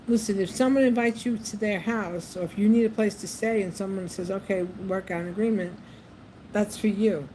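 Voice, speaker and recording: A woman vlogs in a chatty, casual monologue, repeating herself and saying "um" often. Her voice is mid-range and a little mellow, with noisy ambience in the background.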